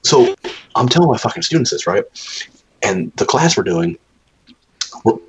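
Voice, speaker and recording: A man's voice: medium pitch, big pitch swings, normal speed, a little hiss or hum, poor audio. A young man chatting casually as a podcast co-host, telling rambling, profane stories. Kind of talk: casual chat.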